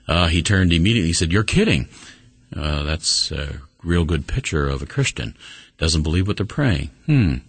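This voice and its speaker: A male preacher delivers a sermon in a deep, husky voice, telling the story earnestly and expressively at normal speed. He pushes some words up high for emphasis and lets others sink to a soft, low murmur, all in a dry recording.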